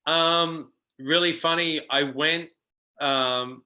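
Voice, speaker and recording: Aussie guitarist guy, super bright tense voice, chatty and animated, lots of ums. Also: medium pitch, slow pace, low-quality recording. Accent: Australian. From Australia. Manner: animated, acts out quoted voices, frequent ums. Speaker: guest guitarist. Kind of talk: casual interview storytelling.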